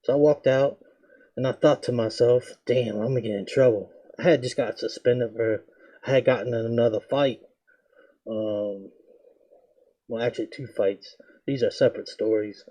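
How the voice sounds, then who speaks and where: A young man casually telling a story about his school days, slangy and animated, jumping into a higher voice to act out what people said. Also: moderate pace. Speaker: reaction video host.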